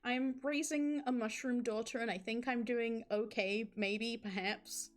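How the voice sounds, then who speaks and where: Casual female streamer, chatty, frequent asides to chat, slightly high pitch. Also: steady tone, measured pace, soft background music. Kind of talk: live game stream, reading story aloud and chatting.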